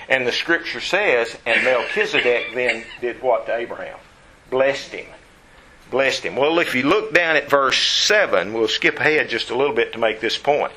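A man's voice: medium pitch, pushed and bright, slight background noise, rough recording. A man teaching a Bible study lecture, emphatic, repeating his points and asking the class rhetorical questions.

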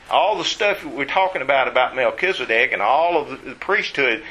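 A man's voice: mid-range voice, sing-song, moderate pace, pushed and bright, low-quality recording. A man teaching a Bible study lecture, emphatic, repeating his points and asking the class rhetorical questions.

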